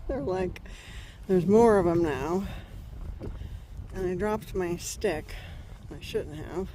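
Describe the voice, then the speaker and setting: A woman's voice: on the low side, takes it slowly, pauses often, mellow. A woman from California telling a story in a rambling, chatty vlog on an outdoor trail, laughing often as she talks. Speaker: travel vlogger.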